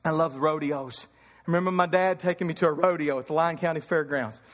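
A man's voice: a little high, brisk, big-room sound. A man in his thirties from Kentucky preaching a fervent sermon, telling stories from the pulpit. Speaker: pastor.

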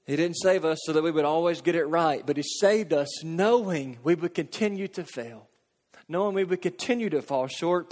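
Earnest high-voiced male preacher, hall reverb. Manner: earnest, asks rhetorical questions, drops to hushed intensity. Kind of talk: sermon.

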